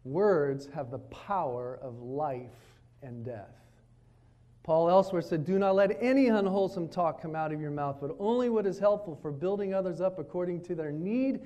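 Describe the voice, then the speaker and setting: A man preaching at a retreat, telling stories and acting out his children's lines in a lively, varied way. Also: on the high side, moderate pace. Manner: storytelling preacher, animated, quotes his kids. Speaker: pastor. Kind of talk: sermon at a retreat. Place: retreat meeting room.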